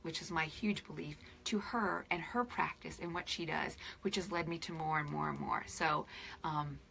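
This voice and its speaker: A woman in her forties, a spiritual life coach, chatting on camera to her followers, teary and emotional, often dropping into soft whispers. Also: deep voice, fairly even intonation, normal speed, gravelly, slight background noise. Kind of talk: casual direct-to-camera chat with followers.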